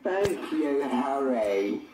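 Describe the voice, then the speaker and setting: A performer playing a crude, foul-mouthed male English teacher who talks in a slow, lazy drawl. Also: mid-range voice, sing-song. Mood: smug, crude. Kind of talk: improvised comedy skit. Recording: roomy, distant, muffled, noisy.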